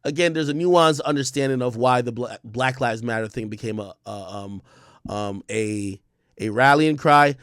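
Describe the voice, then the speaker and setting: A man's voice: mid-range voice, moderate pace, a bit bright, clean tone, no room sound, clean studio sound. A man giving casual livestream commentary, emphatic and profane, often repeating words and restarting sentences. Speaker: streamer and commentator.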